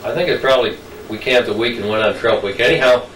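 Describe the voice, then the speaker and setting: A man's voice: mid-range voice, rapid-fire, fairly bright tone. An older man telling childhood stories in a rambling, folksy way. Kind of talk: casual storytelling. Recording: roomy distant mic, faint noise.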